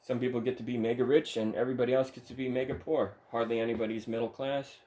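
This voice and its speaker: A man's voice: medium pitch, level tone, quick pace, mellow. A man delivering a solo monologue, ranting with scorn and a lot of swearing. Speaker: channel host.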